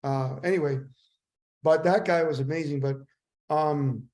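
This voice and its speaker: An older man, a guest in an interview, telling animated stories and acting out the dialogue. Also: fairly high pitch, a little slow. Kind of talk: storytelling interview.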